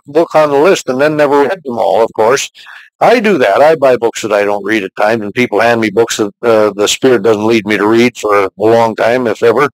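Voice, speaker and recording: An older man giving a recorded teaching message as a pastor, talking in a fatherly, conversational way and reading scripture slowly. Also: mid-range voice, no room sound, poor audio.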